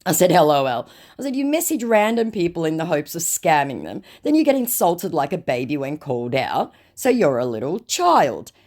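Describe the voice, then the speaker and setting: A woman's voice: low-pitched, very animated, moderate pace, hardly any pauses, darkish tone. A woman narrating a storytime vlog, reading out chat messages in a sarcastic, mocking way. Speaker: vlogger recounting scam chats.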